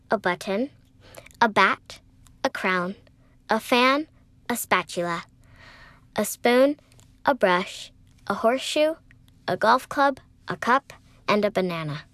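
A woman slowly reading a children's hidden-objects puzzle aloud. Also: medium pitch, animated, a bit bright, no echo. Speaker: reader of a children's puzzle page. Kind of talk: slow read-aloud list.

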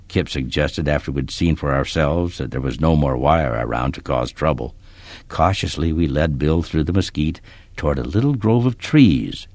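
A man reads a story aloud in a steady, expressive storytelling voice. His tone is very deep yet moves with lively rises and falls, and the recording is dry and close, with no room sound. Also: normal speed, no room sound. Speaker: narrator. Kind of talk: storybook narration.

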